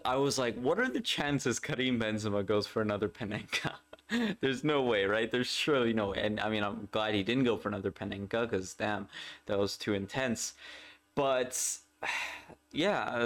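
Excitable young man rambling about football. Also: on the low side, moderate pace. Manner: excitable, rambling, repeats himself, laughs often. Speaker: football podcast host. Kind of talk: casual solo podcast talk.

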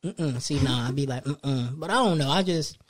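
A young man hosting a casual podcast chat, telling lively stories and acting out what people said. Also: medium pitch, moderate pace. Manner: animated storytelling, acts out quoted lines. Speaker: podcast host.

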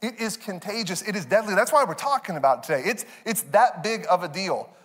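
A pastor preaches briskly from a church stage with big-room sound, his fairly high voice full of lively storytelling. He animatedly mimics his kids in high voices and laughs often.

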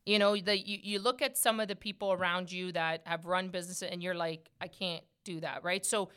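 Loud, bright-voiced woman podcast host. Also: fairly low pitch, a little fast, clean tone. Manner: loud, animated, laughs often. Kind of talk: casual podcast conversation.

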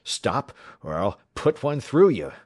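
Grim frontier outlaw, menacing, barked threats, as a deep-voiced male reader puts him on. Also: slow, no echo, clean studio sound. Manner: shouted threats, muttered curses.

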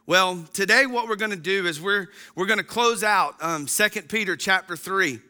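A man's voice: high-pitched, moderate pace, sharp tone. A man in his thirties giving a casual, folksy sermon as a pastor to an online congregation, chatty with frequent ums.

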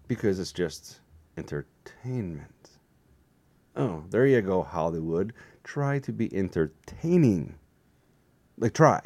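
A man's voice: low-pitched, big pitch swings, slow, pauses often, darkish tone. A tired man chatting in a meandering, self-deprecating way on his own vlog. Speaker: vlogger. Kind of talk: rambling casual vlog.

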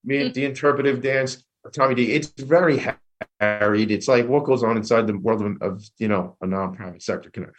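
A man hosting a radio talk show, chatting in a casual, excitable and effusive way. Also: on the low side.

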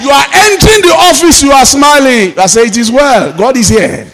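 A Nigerian man preaching a sermon as pastor, with fervent declarations that rise into shouts. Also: very high voice, expressive, normal speed, in a large hall, some chatter behind.

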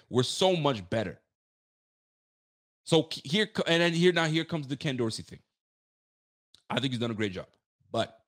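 Speaking in a mid-range, fairly bright voice, a man launches into a heated football rant. He's a sports fan commentator, fired up and rambling, constantly restarting and leaning on street slang.

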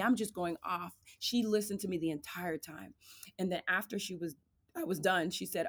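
A woman, a podcast guest giving candid, lively testimony about her faith and marriage, acting out the voices of the people in her story. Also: lowish voice, normal speed, breathy edge. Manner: animated storyteller, acts out quoted voices; addresses listeners as "y'all".

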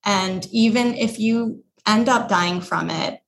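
A woman's voice: mid-range voice, takes it slowly, gravelly, a little hiss or hum. A woman hosting a podcast interview, speaking earnestly and readily agreeing with her guest. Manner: earnest and affirming, responds with agreement. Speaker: podcast host. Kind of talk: warm conversational interview.

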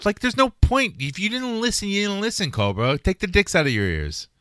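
A man's voice: high-pitched, big pitch swings, brisk, a bit bright, dry recording. A man hosting a podcast, teasing his co-host with profane jokes in casual chat.

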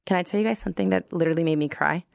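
A young woman telling the story of founding her brand in a chatty, expressive way. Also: lowish voice, racing, vocal fry, no room sound, studio quality. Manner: chatty and expressive, with animated quoted reactions. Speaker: founder of a hair-friendly hat brand. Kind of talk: casual storytelling to camera.

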